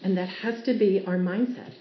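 A medium-pitched woman with fairly even intonation speaks at normal speed, giving an earnest, story-driven devotional Bible teaching and sometimes laughing as she explains. The recording is roomy and dull, lo-fi, with faint ambience and slight background noise.

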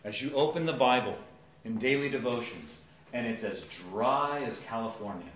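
A man in his thirties preaching a sermon, telling family stories with big swings from hushed to loud. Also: mid-range voice, lively intonation, moderate pace, reverberant, slight background noise. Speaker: pastor. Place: church.

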